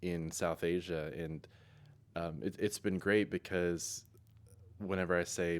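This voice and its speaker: Young guy from east tennessee, super low voice, laid back, laughs a lot. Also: measured pace. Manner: relaxed, laughs often, many ums and likes. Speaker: musician guest. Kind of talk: casual interview answers.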